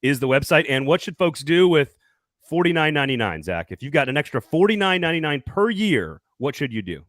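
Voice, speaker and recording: A man's voice: on the high side, very animated, fairly quick, fairly bright tone, no echo, clean studio sound. A man hosting a casual sports talk show, upbeat and jokey, laughing often and doing sponsor reads. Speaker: podcast host.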